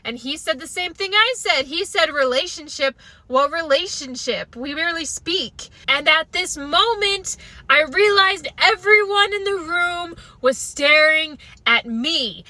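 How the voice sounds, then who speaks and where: A young adult woman comedian telling a funny personal story in an animated, self-mocking way. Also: very high-pitched, unhurried, dry recording. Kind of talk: comic storytelling.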